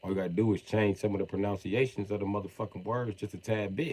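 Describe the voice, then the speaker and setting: A man's voice: on the low side, steady tone, fast talker, few pauses, darkish tone, breathy edge, no room sound. A man from Wisconsin chatting casually on a live stream, swearing freely, joking and laughing often. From Wisconsin, USA.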